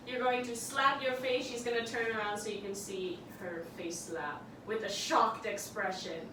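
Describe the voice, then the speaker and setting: A woman's voice: fairly high pitch, fairly even intonation, moderate pace, hardly any pauses, recorded from a distance. A young woman teaching a dance tutorial, upbeat and encouraging as she talks through and counts out the steps. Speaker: dance instructor. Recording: roomy, from off-mic, audible background noise.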